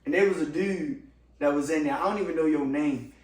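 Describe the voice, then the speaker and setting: High-voiced man telling stories, roomy. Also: brisk. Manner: lively storyteller, slangy, laughs often. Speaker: podcast co-host. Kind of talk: casual chat, storytelling. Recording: roomy, distant from mic.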